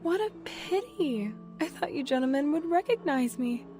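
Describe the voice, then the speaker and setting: A silky, mysterious hostess, voiced by a woman, gracious and smooth. Her voice sits a little high. Music plays clearly underneath. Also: lively intonation, normal speed.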